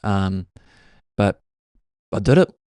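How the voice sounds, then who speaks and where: A man's voice: fairly low pitch, animated, takes it slowly, darkish tone, clear, resonant tone, no echo, clean studio sound. A young man, hosting a podcast and musing through a laid-back, self-mocking comic monologue. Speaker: podcast host.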